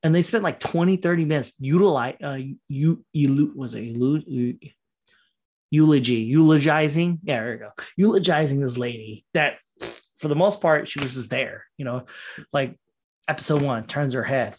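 A man's voice: mid-range voice, moderate pace, darkish tone, husky. A man ranting casually on a solo podcast, rambling and profane, laughing often and mocking characters in quoted voices.

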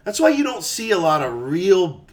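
A man in his forties in casual chat as a podcast guest, an animated storyteller who swears freely and acts out quotes. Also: sits high, moderate pace.

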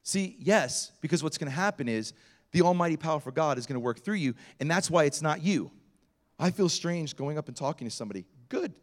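A male pastor preaching to a congregation in a high voice that leaps up and down. He tells stories with lively, self-mocking humor and keeps the sermon animated. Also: fairly quick.

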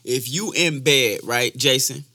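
A man hosting a casual podcast, joking and laughing, breaking into loud outbursts. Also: mid-range voice, unhurried, husky. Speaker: podcast host.

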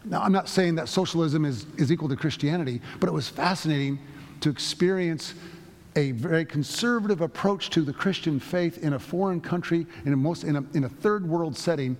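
A man's voice: fairly high pitch, brisk. A man preaching a sermon, telling stories in a conversational way with frequent restarts. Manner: storytelling, conversational with many restarts. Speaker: pastor. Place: church sanctuary. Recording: long reverb of a church sanctuary.

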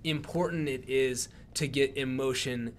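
Halting male co-host, faint noise. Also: medium pitch, steady tone. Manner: halting, restarts sentences. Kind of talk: casual chat.

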